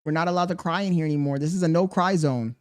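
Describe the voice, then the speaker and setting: A man's voice: fairly high pitch, fast, clear, resonant tone. A young man livestreaming, talking casually and defensively to his chat, rambling and firing questions back at them.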